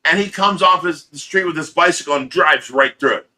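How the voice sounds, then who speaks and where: A man's voice: on the high side, fairly quick, pushed and bright. A man hosting a casual livestream, talking bluntly and profanely, ranting and telling stories to his chat with laughs. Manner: ranting, talks to chat commenters by name. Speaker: livestream host of a fish rescue channel.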